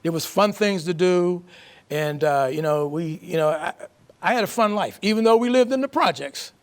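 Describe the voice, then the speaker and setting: Folksy older man, slightly high voice. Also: lively intonation, moderate pace. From Pennsylvania, USA. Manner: folksy, repeats himself, says man and brother. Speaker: guest author. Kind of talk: casual interview.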